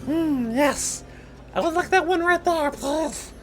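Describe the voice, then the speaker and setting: A man's voice: very high-pitched, slow, over music, pitched above the performer's own voice. A man voicing a timid, hungry male kobold who speaks of himself in broken third-person speech. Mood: timid pleading.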